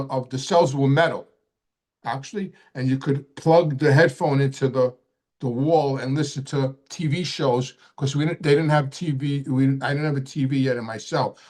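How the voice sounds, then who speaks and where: A man's voice: medium pitch, darkish tone. Rambling middle-aged man telling a story. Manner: rambling, repeats himself, swears casually. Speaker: host of a live question show. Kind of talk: casual storytelling to camera.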